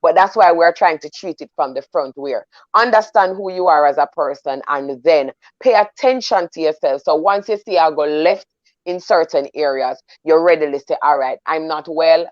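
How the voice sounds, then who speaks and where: A woman's voice: sits low, animated, normal speed, dry recording, dull audio. A woman with a Jamaican accent on a discussion panel, speaking animatedly and slipping between standard English and patois.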